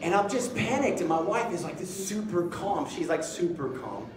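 A man giving a live inspirational talk in a school hall, telling stories in an animated way with joking asides. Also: high-pitched, moderate pace, distant mic, a crowd in the background. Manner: animated storytelling, jokey asides. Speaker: inspirational speaker. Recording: echoey hall, speaker away from mic, faint background hiss.

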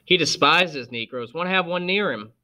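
A calm, wise middle-aged father speaks in a measured, patient way, as a man plays him. His tone is bright and clear, reasoning gently. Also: a little high, voice pushed up.

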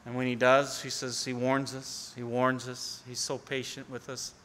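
A man preaching a sermon as pastor, earnestly, rising to pleading appeals and falling to near-hushed tones. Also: mid-range voice, completely flat delivery, moderate pace. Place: church sanctuary. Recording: long hall reverb.

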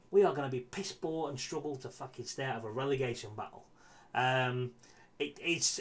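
A man giving casual, exasperated commentary on his football management game, swearing and talking to his viewers. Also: mid-range voice. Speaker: gaming YouTuber.

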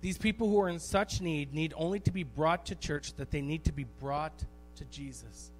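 A man with a notably high voice preaches a sermon from a church pulpit. He tells stories with animation and repeats key phrases for emphasis. Faint music plays underneath. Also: normal speed. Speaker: pastor. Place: church sanctuary.

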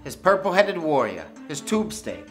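A man with a Boston accent giving a brash, crude comedy sales pitch to investors. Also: very animated, normal speed. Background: music.

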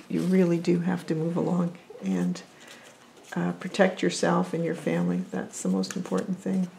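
A woman's voice: lowish voice, creaky, a little mellow, a little hiss or hum. A woman vlogging as she makes paper crafts, chatty and thinking aloud as she works. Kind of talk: casual crafting chat.

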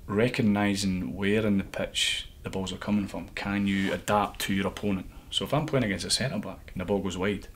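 A man's voice: sits low, fairly even intonation, brisk, hardly any pauses, slight background noise. A man, an assistant football coach, giving earnest interview answers and thinking aloud with frequent restarts.

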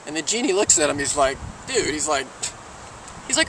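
A man's voice: on the high side, very animated, fairly quick, long pauses, sharp tone. A man vlogging on a beach, telling a joke in a chatty, playful way to a handheld camera. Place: outdoors on a beach. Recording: distant camera mic with outdoor noise.

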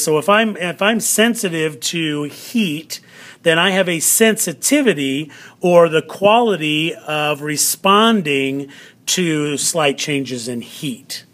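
A male teacher giving a vocabulary lesson to students, drawing out words slowly and checking in often. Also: a little high, a bit bright. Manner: slow, drawn-out word pronunciation with frequent "all right" check-ins.

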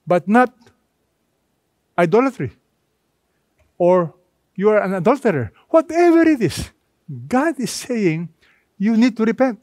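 A man's voice: sits high, no room sound. A male pastor preaching a sermon, emphatic, asking rhetorical questions of the congregation.

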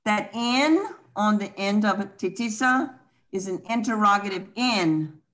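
A woman's voice: medium pitch, measured pace, fairly bright tone. A woman leads an online language lesson. She explains each point patiently and step by step, and her voice comes through a video call. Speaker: language teacher.

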